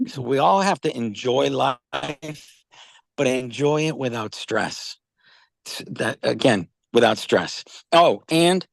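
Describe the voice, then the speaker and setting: Rambling older New man, gravelly. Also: mid-range voice, no room sound. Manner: rambling storyteller, repeats words, says "okay?" and "all right?" often. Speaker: company founder pitching wellness products. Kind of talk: casual video-call chat.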